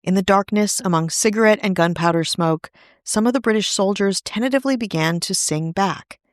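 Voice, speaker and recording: A woman's voice: mid-range voice, a little fast, no echo, studio quality. A woman podcast host giving a scripted storytelling narration, dropping in wry asides. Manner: wry asides in a serious telling.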